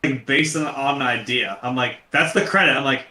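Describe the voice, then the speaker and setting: A man's voice: mid-range voice, fairly quick, pushed and bright, echoey room. A man co-hosting a casual film talk show, rambling and swearing freely, with many restarts. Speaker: podcast co-host.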